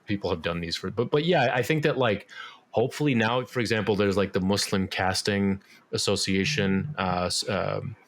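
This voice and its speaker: In a casual podcast interview, a musician and actor talks in a lowish voice at a moderate pace, rambling with plenty of fillers and false starts.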